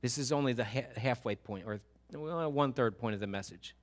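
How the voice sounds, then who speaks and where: A man's voice: mid-range voice, a little fast. A man preaching a sermon in an earnest, emphatic way, often restarting his words.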